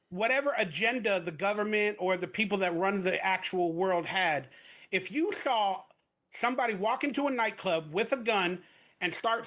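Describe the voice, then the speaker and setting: A man's voice: sits high, sharp tone. A man, a podcast guest and actor, talking in a rambling, speculative way and posing hypotheticals in casual chat.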